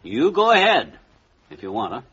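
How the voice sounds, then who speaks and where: An actor playing a stubborn, blustering middle-aged husband in a 1940s radio comedy. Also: male voice, mid-range voice, huge pitch swings, normal speed, a bit bright, breathy edge, full character voice. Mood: grumbling. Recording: dull lo-fi old radio transcription.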